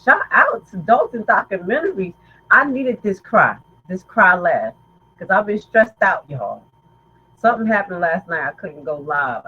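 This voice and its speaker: A woman hosting a livestream reaction commentary, chatty and quick to laugh. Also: low voice, dull audio, slight background noise. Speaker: host.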